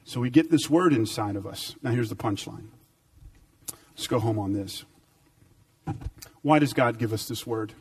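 A man preaching a sermon with emphatic repetition, swinging between loud, high bursts and low, quiet stretches. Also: moderate pace, pauses often, husky, distant mic. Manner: dynamic, emphatic repetition with big swings in pitch and volume.

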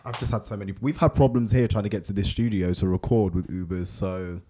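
A young man co-hosting a casual chat, full of slang and quick interjections. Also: fairly low pitch, mellow, a little hiss or hum. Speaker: podcast co-host.

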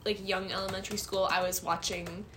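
A young woman co-hosting a podcast in casual chat, chatty and quick to laugh, often trailing off. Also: medium pitch, level tone, a bit bright, slight background noise. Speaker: podcast co-host.

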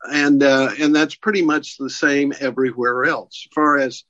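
An older man talks in casual conversation, halting and restarting as he goes. The audio is dull and muffled. It is also dry, with no room sound. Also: mid-range voice, fairly even intonation, a bit bright, no echo. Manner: halting, many restarts and fillers. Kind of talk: casual chat.

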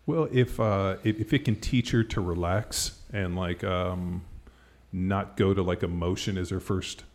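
A middle-aged man with a very deep, gravelly voice talks loosely and at length as a podcast host. His sentences wander and fill up with "like" and "you know." He laughs easily between thoughts. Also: steady tone, measured pace, darkish tone. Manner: rambling, filler-heavy, lots of "like". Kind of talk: casual chat.

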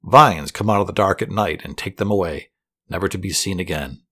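A man telling a guided fantasy story to relax to, in a soothing, steady voice with dry humor. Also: deep voice, a little fast, husky. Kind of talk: calm guided fantasy narration.

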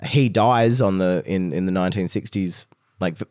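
A man's voice: low voice, normal speed, darkish tone, dry recording, clean studio sound. A man in his thirties hosting a casual podcast, rambling with many fillers and restarts. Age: 30s. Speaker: podcast host.

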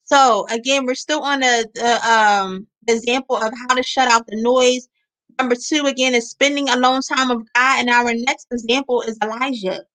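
A woman delivers a sermon with a high, bright voice. She speaks earnestly and repeats her key phrases to drive each point home. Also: low-quality recording. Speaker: preacher.

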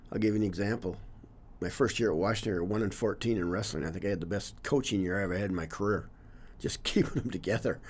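Speaking in a lowish, somewhat dark voice, a sixty-something longtime teacher and coach reflects earnestly during a casual interview. He often lets his sentences drift off with "you know, whatever."

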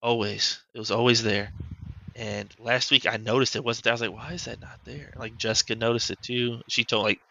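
This podcast host is a man with a medium-pitched, bright, forceful voice and some vocal fry, talking fairly quickly in a flat way. He tells a personal story about being a father, rambling loosely and saying "like" constantly. The recording is rough, with slight background noise.

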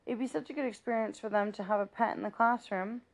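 A woman's voice: mid-range voice, steady tone, quick pace, lightly acted. A woman reading aloud and voicing a young female teacher who gushes but also talks sensibly. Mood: eager. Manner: gushing, sensible.

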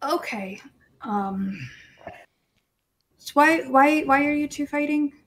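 A woman's voice: high-pitched, slow, a little hiss or hum. A woman playing a tabletop role-playing game, hesitant and reasoning things out. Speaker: player.

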